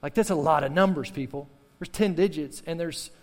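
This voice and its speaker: A male pastor with a high-leaning voice preaches a fervent sermon a little fast, echoing in a big room. He repeats key phrases and calls for the congregation's response in call-and-response style.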